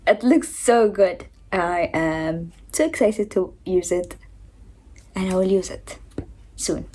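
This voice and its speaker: A woman's voice: mid-range voice, dark tone. A woman in her twenties chatting casually through a makeup haul at home, giggly and self-mocking, a little out of breath. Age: 20s. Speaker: beauty vlogger. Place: at home in her mother's house. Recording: home vlog with background noise.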